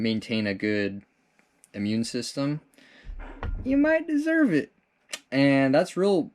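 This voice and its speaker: A young man hosting a comedic vlog, answering viewer questions in a rambling, laid-back way and tossing in "dude" and casual swearing. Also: on the low side.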